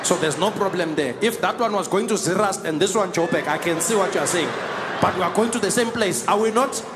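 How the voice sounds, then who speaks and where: A man's voice: high-pitched, fairly quick, background noise, close to an everyday voice. A comedian voicing an easygoing South African man who took someone's plane seat, talking in a breezy, wheedling way with a South African accent. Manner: breezy, wheedling, ends lines with "eh".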